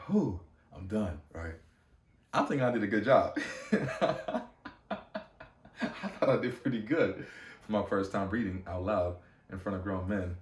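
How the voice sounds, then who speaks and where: A young man hosting a podcast, telling a personal story in a casual, slangy, animated way with many fillers and restarts. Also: on the low side, recorded from a distance. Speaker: podcast host. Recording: echoey room, off-mic.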